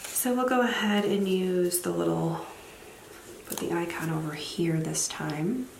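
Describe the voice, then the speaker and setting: A woman with a slightly low voice chats her way through planning her week, thinking aloud and poking fun at her own habits. Her voice rings in a roomy space, with a faint hiss behind it. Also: unhurried, creaky. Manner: chatty, thinks aloud, self-deprecating asides. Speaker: planner vlogger; teacher. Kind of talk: casual plan-with-me narration while decorating.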